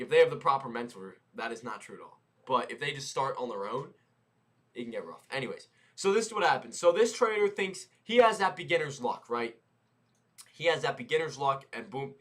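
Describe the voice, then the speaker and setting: A young man talks through trades on a live stream in a casual, slangy voice. He repeats phrases and keeps asking "right?" as he explains. His pitch is average for a man. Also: lively intonation, brisk, a bit bright. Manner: loose, slangy, repeats phrases, says "right?" and "boom" a lot. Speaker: day-trading streamer. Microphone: headset mic.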